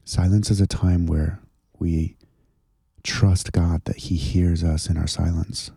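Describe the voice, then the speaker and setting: A man with a very low, gravelly voice leads a guided contemplative prayer. His tone is dark and husky, slow and gentle. The sound is dry and close. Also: little pitch movement, dry recording. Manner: slow, gentle, soothing guidance. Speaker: pastor leading guided prayer.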